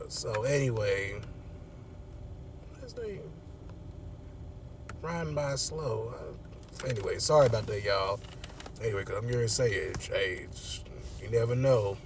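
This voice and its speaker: A man's voice: medium pitch, noisy background. Laid-back slangy man recapping a movie. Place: in his car.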